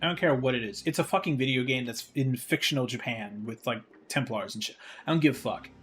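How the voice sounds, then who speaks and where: A man's voice: medium pitch, quick pace, fairly bright tone, a little hiss or hum. A man streaming a game live, talking casually in a profane, ranting and exasperated way. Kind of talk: casual livestream chat while gaming.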